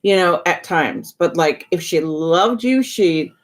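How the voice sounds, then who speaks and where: A woman co-hosting a live stream, chatty and quick to laugh, rambling through her stories. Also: fairly low pitch, lively intonation. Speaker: co-host. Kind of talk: casual live-stream chat.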